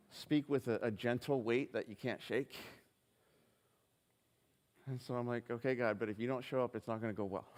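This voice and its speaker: A medium-pitched, clean-toned male voice belongs to a pastor telling a personal story in his sermon, acting out the dialogue earnestly but with hesitant restarts. It's a live stream from a church hall with noticeable reverb.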